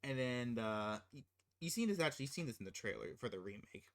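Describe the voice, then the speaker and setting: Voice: medium pitch, expressive, fast. A channel host ranting casually about a film, incredulous and exasperated, rambling with restarts.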